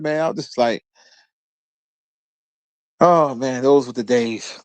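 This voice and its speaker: A man's voice: measured pace, long pauses, dry recording. A man in his thirties with a Philadelphia accent, telling a story casually, cursing often and breaking into laughter. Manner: profane, laughing storyteller, lively bursts of pitch. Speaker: podcast host.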